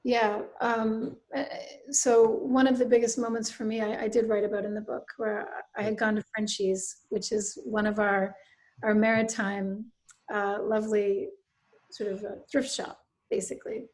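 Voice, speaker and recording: A middle-aged woman from Nova Scotia, a writer speaking as a guest, telling a personal story in an earnest, reflective way that often drops into soft asides. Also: medium pitch, level tone, normal speed. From Nova Scotia, Canada.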